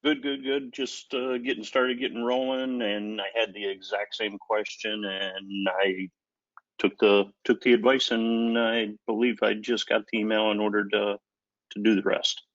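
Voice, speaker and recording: Low, flat-voiced Midwestern man. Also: unhurried, no echo. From American Midwest. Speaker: caller. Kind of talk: casual video call chat. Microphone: video call. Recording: dry, dull lo-fi call audio.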